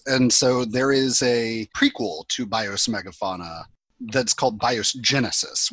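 A man's voice: mid-range voice, fairly bright tone, dry recording. A man co-hosting a podcast, chatting casually and enthusiastically with friends. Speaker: podcast co-host. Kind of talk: casual chat.

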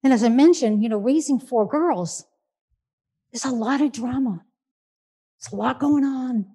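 A woman's voice: on the high side, measured pace, dark tone, husky. A middle-aged woman sharing a heartfelt personal story, earnest, with repeated phrases for emphasis and small restarts. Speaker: speaker sharing a reflection.

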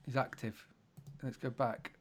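A man's voice: medium pitch, level tone, a little slow. A man hosting a casual podcast chat at a computer, joking and self-mocking as he mutters his way through a call setup. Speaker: podcast host. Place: indoors at a computer, recording a call.

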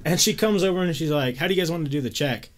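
A young man co-hosting a casual chat who laughs often and tells stories in a lively way. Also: a little high, fast. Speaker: podcast co-host.

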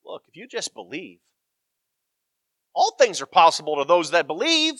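A man preaching a sermon, emphatic and animated, swinging between loud cries and hushed asides. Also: on the high side, moderate pace, no room sound, clean studio sound.

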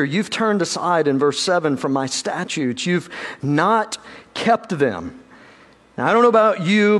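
High-voiced pastor preaching emphatically. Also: male voice. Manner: emphatic, slows and drops low on key words; addresses congregation directly with light humor. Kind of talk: sermon.

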